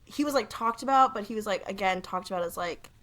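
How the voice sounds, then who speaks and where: A woman's voice: mid-range voice, quick pace, a bit bright. A woman guest on a podcast chatting casually, rambling and hesitant, full of "like" and "um". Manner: rambling, hesitant, filler-heavy. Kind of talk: casual chat.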